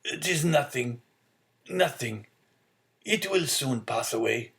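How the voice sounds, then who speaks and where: A man voicing a frail, poor old father who talks weakly and gently in an audiobook story. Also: medium pitch, expressive, takes it slowly, pitched above the performer's own voice. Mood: weary. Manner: weak, self-effacing.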